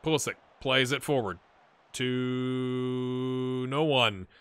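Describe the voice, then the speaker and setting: A man casually commentating his own football video game, excitable and wry, jumping from loud cheering to quiet muttering. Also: medium pitch, slow pace, clean tone. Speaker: gaming channel host.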